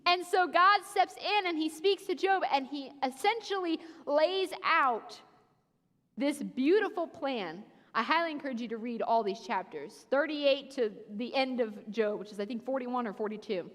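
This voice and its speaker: High-voiced woman preaching in a reverberant hall. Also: normal speed. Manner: animated storytelling, acting out quoted voices. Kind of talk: sermon. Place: church sanctuary.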